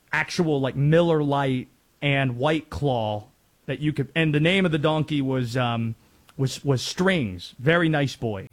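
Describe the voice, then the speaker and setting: A man from North Carolina hosting sports talk radio in a chatty way, laughing easily and wandering into asides. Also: mid-range voice.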